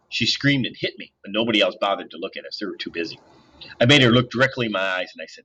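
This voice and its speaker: Guy reading a book out loud, expressive, bright kinda raspy voice. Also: on the low side, fast talker. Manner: expressive, animated storytelling. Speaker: audiobook reader. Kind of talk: reading a novel aloud.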